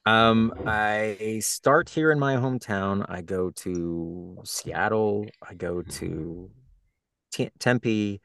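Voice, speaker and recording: A man's voice: lowish voice, slow pace, vocal fry, fairly bright tone. A man who is an audiobook narrator and author, talking as a guest in a podcast interview and explaining things in a thoughtful, reflective way.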